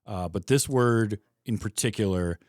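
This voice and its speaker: A man with a Michigan Midwest accent hosting a podcast, chatting about a film with quick, enthusiastic asides. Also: lowish voice, darkish tone. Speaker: podcast host. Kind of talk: casual film discussion.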